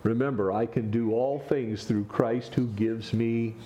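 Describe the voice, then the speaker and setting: A man's voice: medium pitch, fairly even intonation, a little slow, mellow. A man preaching a sermon, explaining scripture with rhetorical questions and wry asides. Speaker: pastor.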